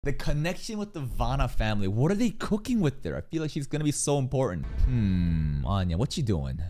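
An anime reaction streamer giving casual, excitable commentary, swearing often and calling the viewer bro. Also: mid-range voice, brisk, soft background music. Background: anime audio playing.

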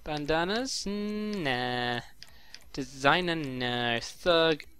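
A man's voice: on the high side, drawn-out words, bright, forceful tone, slight background noise. A young man commentating his own gameplay, swearing often and boiling over in frustrated outbursts. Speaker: gaming YouTuber.

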